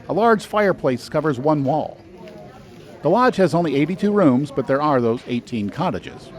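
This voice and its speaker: A man's voice: on the high side, darkish tone, a little hiss or hum. A man hosting a travel guide, giving scripted narration with dry, sarcastic asides.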